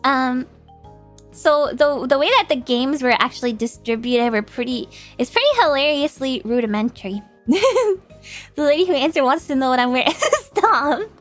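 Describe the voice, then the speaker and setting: A woman's voice: high-pitched, normal speed, faint music behind. A woman streamer chatting casually with her viewers, laughing often and greeting chat, her nose stuffed up.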